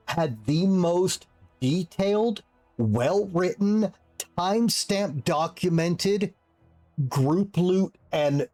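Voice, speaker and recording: A man streaming, telling a long rambling story in casual chat. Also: fairly high pitch. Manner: animated, rambling, lots of restarts.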